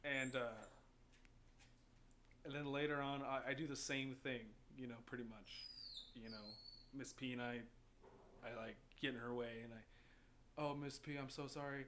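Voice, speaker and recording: A man's voice: mid-range voice, flat delivery, measured pace, long pauses, fairly bright tone. A young man hosting a podcast, casually telling stories and swearing freely. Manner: profane storytelling, swears freely. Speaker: podcast host. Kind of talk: casual chat. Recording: faint background noise.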